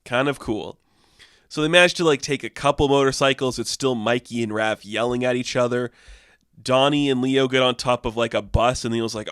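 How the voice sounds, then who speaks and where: A man's voice: medium pitch, steady tone, normal speed, fairly bright tone, clean tone, no room sound, clean studio sound. A man giving a casual, enthusiastic spoken review of a comic book, with lots of filler words.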